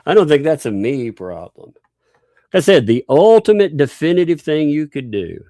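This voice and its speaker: The man hosting this livestream has a slightly high, warm voice with big pitch swings and a normal speed, captured in a dry, studio-quality recording. He rants combatively and mockingly, swears freely, and laughs between lines.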